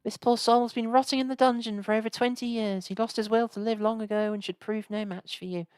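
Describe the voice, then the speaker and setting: A woman's voice: on the high side, steady tone, quick pace, darkish tone, clear, resonant tone, no room sound. A woman chatting casually and rambling while she live-streams old games. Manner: rambling, chatty, lots of restarts and asides.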